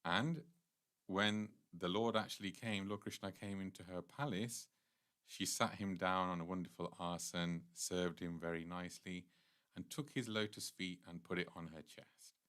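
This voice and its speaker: A man's voice: low voice, steady tone, moderate pace, fairly bright tone. A man giving a devotional temple class, earnestly retelling scripture stories at length.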